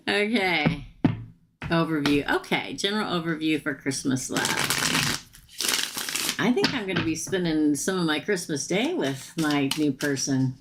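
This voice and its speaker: A middle-aged woman with a hoarse, worn voice, hosting a casual live tarot reading, chatty and laughing often as she talks to the viewer. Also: low-pitched, animated, unhurried, pauses often, very noisy. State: hoarse, losing her voice.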